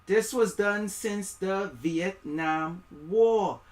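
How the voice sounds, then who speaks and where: A man's voice: high voice, drawn-out words. A man with a West Indian accent giving rambling, preachy live-stream commentary, reading aloud and stumbling over words.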